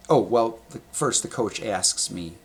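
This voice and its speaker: A man telling stories to his camera at a table indoors, animated and rambling, with blunt sound words and casual swearing. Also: on the low side, a little slow, breathy edge. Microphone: camera in front of him.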